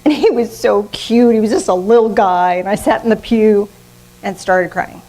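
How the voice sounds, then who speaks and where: An older woman preaching a sermon in a lively, conversational way, often laughing at herself. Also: medium pitch, normal speed, low-quality recording. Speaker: minister.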